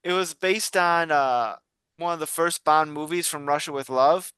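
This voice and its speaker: Man, podcast co-host, bright and crisp, dry sound, rambling casual chatter. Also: fairly high pitch, moderate pace, dry recording. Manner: rambling, many restarts and fillers. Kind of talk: casual chat.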